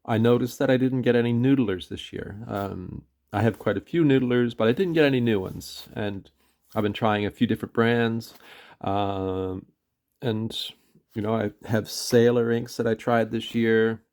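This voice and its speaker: A man's voice: mid-range voice, normal speed, a little mellow. A man with a Canadian accent reviewing his favourite inks in a casual, rambling vlog, full of hesitations, fillers and self-corrections. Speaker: pen and ink reviewer.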